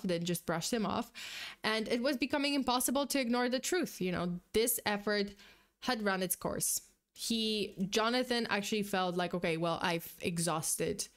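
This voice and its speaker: Chatty woman telling a story. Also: medium pitch. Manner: chatty, many fillers and asides. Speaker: podcast host. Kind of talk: casual storytelling.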